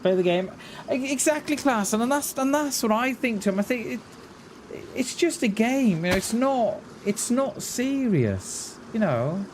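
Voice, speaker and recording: A man's voice: very high-pitched, sing-song, measured pace, slight background noise. A man chatting casually on a live game stream, rambling and restarting his words as he talks to his chat. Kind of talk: casual chat while gaming.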